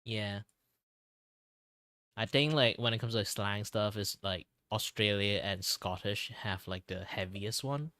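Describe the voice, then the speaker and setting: Low-voiced rambling Malaysian-born man. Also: measured pace, pushed and bright, no echo. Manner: rambling, full of "like" and restarts. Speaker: streamer host. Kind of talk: casual chat.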